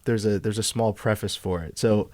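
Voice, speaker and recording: A man's voice: lowish voice, fairly even intonation, normal speed, darkish tone, no echo. Rambling man in dry close-up. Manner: rambling, lots of fillers and restarts. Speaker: podcast co-host. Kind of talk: casual film discussion.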